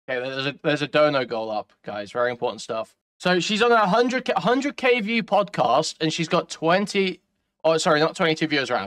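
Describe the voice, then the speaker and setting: A man's voice: mid-range voice, a bit bright. A man doing live-stream reaction commentary, ranting and profane with a sardonic edge.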